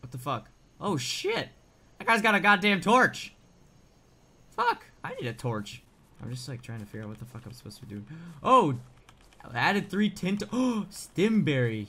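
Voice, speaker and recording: A man narrating a video game as he plays, his tone bright and cutting. His voice swings widely, from mutters up to startled shouts. He swears freely and reacts loudly to everything on screen. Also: a little high, moderate pace. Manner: excitable, swearing, frequent startled outbursts. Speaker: gaming YouTuber. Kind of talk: let's play commentary.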